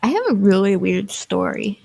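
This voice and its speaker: A woman's voice: mid-range voice, animated, normal speed, vocal fry, mellow, rough recording. A young woman chatting casually while gaming, telling stories with lots of fillers. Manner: chatty storyteller, many fillers. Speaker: guest streamer and artist.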